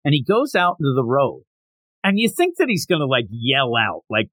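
A man's voice: on the high side, normal speed, husky, no echo, poor audio. A man hosting a podcast, chatting casually and acting out the lines of the people in the story he retells. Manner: animated storyteller who acts out quotes. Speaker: podcast host. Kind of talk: casual chat.

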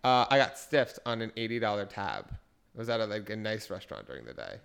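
Bright, animated man telling bar stories. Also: lowish voice, a little fast, vocal fry, clean tone. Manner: animated storytelling with loud outbursts; frequent swearing. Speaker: podcast co-host. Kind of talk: casual chat.

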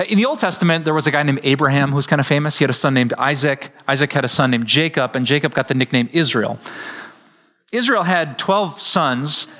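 Pastor guy preaching, jokey and upbeat, kinda high voice, laughs a lot. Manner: lively, joking, with frequent laughs. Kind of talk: sermon.

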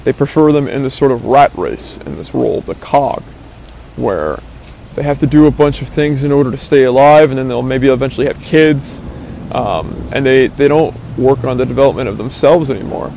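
A man with a gravelly, creaky voice of middling pitch talks through a reflective, philosophizing monologue. He muses earnestly, thinking aloud with asides and fillers. Faint rain patters in the background. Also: normal speed, mellow, slight background noise.

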